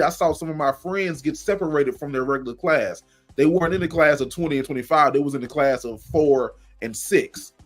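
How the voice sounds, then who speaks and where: Profane, animated man telling stories. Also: on the high side. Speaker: podcast co-host. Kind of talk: casual comedic storytelling.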